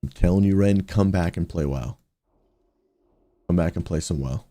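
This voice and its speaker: A pastor who streams games talks to his chat in a low, warm voice. He sounds upbeat and casual and drifts easily into preaching. The sound is dry and close. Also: moderate pace, no room sound. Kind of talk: casual livestream chat while gaming.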